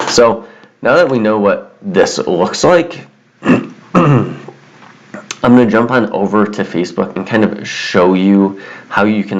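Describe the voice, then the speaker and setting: A man giving a casual, step-by-step software walkthrough as a tutorial presenter. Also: sits low, lo-fi sound. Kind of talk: screen-recorded software walkthrough.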